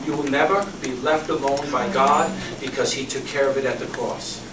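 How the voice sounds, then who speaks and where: A man preaching a sermon as a pastor, passionate, swinging between loud emphasis and hushed repetition. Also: medium pitch, fairly even intonation, moderate pace. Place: church hall. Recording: echoey room recorded from far off with background noise.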